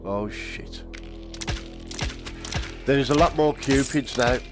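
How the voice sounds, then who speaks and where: A man talks casually as he plays a game, chatting and laughing with frequent swearing. His voice sits at an ordinary middle pitch. Loud game music plays under everything he says. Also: slow pace. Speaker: game streamer. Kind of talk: casual chat while playing a VR game.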